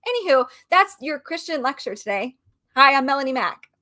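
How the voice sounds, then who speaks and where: Animated ranting woman, bright voice. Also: sits high, fairly quick. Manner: animated, ranting, laughs often. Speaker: co-host. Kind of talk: casual chat.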